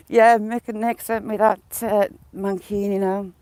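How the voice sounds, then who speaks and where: An English woman with a mixed regional accent chats on a cold countryside walk. She hosts a relaxed livestream and greets viewers by name between remarks. Her voice sits at an ordinary middle pitch for a woman, recorded on a handheld phone. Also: dry recording. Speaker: livestream host. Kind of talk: casual walk-and-talk livestream.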